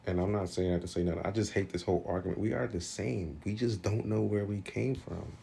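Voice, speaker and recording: A man's voice: lowish voice, a little fast, gravelly, warm tone, slight background noise. A young man in a blunt, exasperated casual rant, swearing freely. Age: young adult. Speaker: commentator. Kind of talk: casual social media rant.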